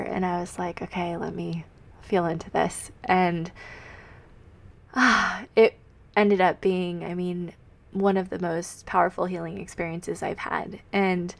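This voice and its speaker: Soft, gravelly-voiced woman sharing a confession. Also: medium pitch. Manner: heartfelt, reading her journal aloud. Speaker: podcast host. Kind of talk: personal faith reflection.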